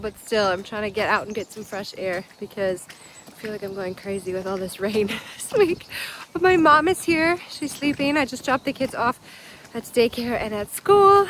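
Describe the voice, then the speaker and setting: A woman's voice: a little high, normal speed, a bit bright, slight background noise. A Canadian woman in her thirties chatting casually to camera in a vlog, laughing often and dropping German words into her English. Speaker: vlogger, mother.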